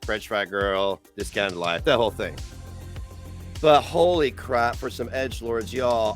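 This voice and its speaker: A man's voice: mid-range voice, a little slow, faint music behind. A man ranting on a livestream in a profane, mocking, sarcastic way. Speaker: streamer.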